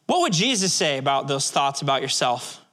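A man preaching a sermon to a congregation, earnest, asking them questions and slowing down to stress key words. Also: mid-range voice, sing-song, fairly bright tone. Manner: earnest, slows for emphasis, asks the congregation questions. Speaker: pastor.

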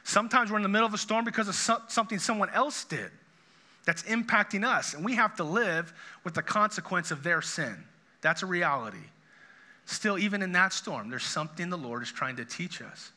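A man preaching a sermon, earnest, asking the congregation rhetorical questions and dropping low and soft on quoted words of comfort. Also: expressive, a little fast. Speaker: pastor.

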